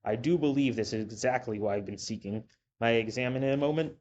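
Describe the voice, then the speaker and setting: A man voicing a precise, formal gentleman stranger with an English accent in a told story. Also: mid-range voice, fast talker, dull audio, slight background noise, natural voice. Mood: courteous. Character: precise, courtly old-fashioned gentleman stranger.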